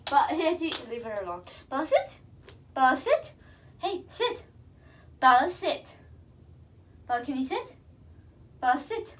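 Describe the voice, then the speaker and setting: A woman's voice: sits high, big pitch swings, a little slow, long pauses, a little hiss or hum. A young woman vlogging at home, repeating commands to her dog and gushing with praise, a little out of breath. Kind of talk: casual home vlog.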